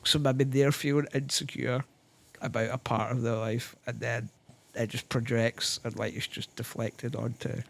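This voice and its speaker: A Scottish man, a guest on a podcast, speaking thoughtfully in casual chat with lots of pauses and fillers. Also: mid-range voice, flat delivery, vocal fry. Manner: thoughtful, hesitant, many fillers. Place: podcast studio.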